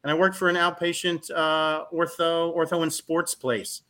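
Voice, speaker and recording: Guest, man in his fifties, animated storyteller, brightly toned voice that trips over its own words. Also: on the high side, moderate pace. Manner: animated, with frequent restarts and repeated words. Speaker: guest, physical therapist. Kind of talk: casual interview storytelling.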